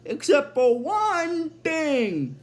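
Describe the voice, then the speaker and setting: A man imitating a brash loud male robot. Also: very high voice, wildly swooping pitch, very slow, pitched above the performer's own voice, full character voice.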